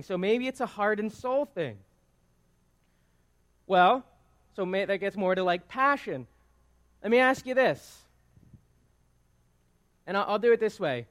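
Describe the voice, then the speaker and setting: A man's voice: high-pitched, a bit bright. A man preaching a conversational sermon to his congregation in church. He talks informally, poses questions to the room and keeps checking in with "right?". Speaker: pastor. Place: church sanctuary before a congregation.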